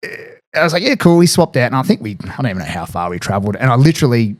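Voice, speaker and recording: Speaking very animatedly in a mid-range voice, this Australian podcast guest and ex-paratrooper recounts a war story casually. He rattles along quickly, cursing freely and packing in fillers.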